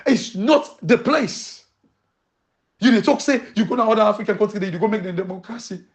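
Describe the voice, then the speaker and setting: A woman's voice: mid-range voice, lively intonation, brisk. Impassioned Sierra Leonean woman commentator. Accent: Sierra Leonean Krio. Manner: emphatic, rhetorical questions, switching between Krio and English. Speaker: political commentator.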